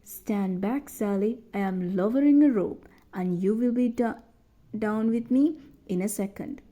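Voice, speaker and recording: A woman with a Sri Lankan English accent voicing a calm, protective father who speaks steadily and reassuringly. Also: mid-range voice, a little slow, lightly acted.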